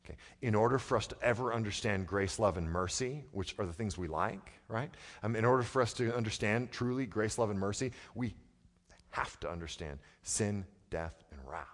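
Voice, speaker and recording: A man preaching a sermon as pastor, talking in a conversational way and swinging from quiet, low passages to loud, emphatic ones. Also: moderate pace. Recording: long hall reverb.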